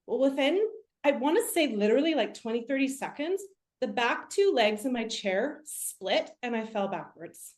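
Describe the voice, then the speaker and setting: Animated woman telling a story. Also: fairly high pitch, normal speed. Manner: lively, animated storytelling with many "like" fillers. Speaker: guest, medium and spiritual teacher. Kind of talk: casual storytelling. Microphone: video call.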